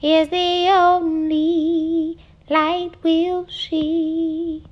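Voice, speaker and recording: Squeaky little crooner, very slow, very high. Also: female voice, level tone, muffled recording, soft background music, exaggerated voice. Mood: crooning.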